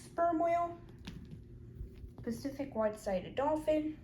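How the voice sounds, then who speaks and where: A woman's voice: high-pitched, lively intonation, slow pace, warm tone, a little hiss or hum, low-quality recording. A woman in a casual show-and-tell vlog, chatting as she lists her figures one by one with short comments. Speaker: toy collector showing her figures.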